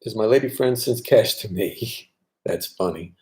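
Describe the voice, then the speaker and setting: A man's voice: on the low side, a little slow, a little mellow. A man casually chatting on a live stream, reading viewer comments aloud and answering them. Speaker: vlogger answering live chat.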